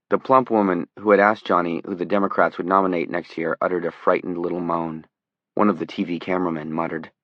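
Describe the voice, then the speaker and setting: A man narrating a thriller audiobook in a measured, tense way. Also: low-pitched, fairly even intonation, a bit bright, no room sound. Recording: dull, dry audiobook recording.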